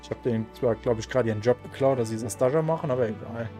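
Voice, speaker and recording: A man streaming a video game, talking casually in quick, muttered asides. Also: mid-range voice, mellow, soft background music. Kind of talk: casual commentary while gaming.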